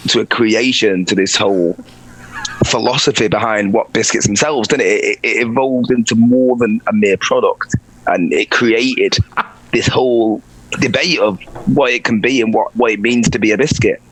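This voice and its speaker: A man's voice: lowish voice, normal speed, a bit bright, slightly rough, low-quality recording. A man co-hosting a podcast, teasing and laughing in casual banter, often saying "you know what I mean". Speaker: podcast co-host.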